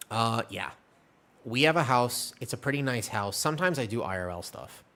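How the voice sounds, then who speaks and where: A man's voice: mid-range voice, animated, a little slow, bright, forceful tone. A man streaming and chatting casually, answering his chat in a rambling, talkative way. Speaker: game streamer.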